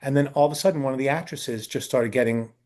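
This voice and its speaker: A male talent agent talks at a quick pace in a medium-pitched voice with a darkish tone. During an indoor sit-down interview he answers casually, telling long stories, acting out quoted people, and using many fillers and restarts.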